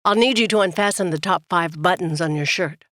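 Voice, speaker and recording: A woman voicing a gentle frontier doctor. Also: lowish voice, fairly quick, dry recording, studio quality, close to an everyday voice. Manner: calm, earnest questioning.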